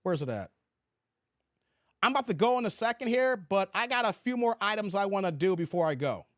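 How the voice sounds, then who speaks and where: A man hosts a loose, casual livestream, chatting to viewers and reading their comments aloud. His voice sits high for a man, and the sound is dry and close with no room around it. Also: sing-song, a little fast, a bit bright, dry recording. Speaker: livestream host.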